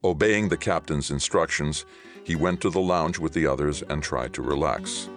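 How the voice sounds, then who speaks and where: A man giving steady, scripted audiobook narration. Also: very deep voice, moderate pace, soft background music.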